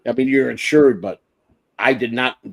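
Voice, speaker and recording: A man's voice: medium pitch, normal speed, creaky. An older man in casual chat on a live stream, talking in an emotional, profane and self-deprecating way. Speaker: stream host.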